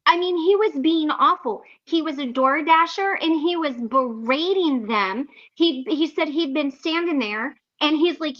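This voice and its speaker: A woman with a high, bright voice tells a story on a video call and puts on the voices of the people in it as she goes. The audio is a little dull and muffled, the way a video call sounds. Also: a little slow, hardly any pauses. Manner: animated, acts out the people in her stories. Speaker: host of online recovery meeting.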